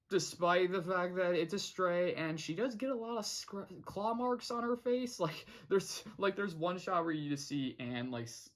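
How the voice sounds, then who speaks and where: A young adult vlogger talks through a cartoon episode in a loose, rambling way. The speech is full of restarts, fillers and frequent laughter, at an even middle pitch. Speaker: show reviewer. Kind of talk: casual vlog episode review.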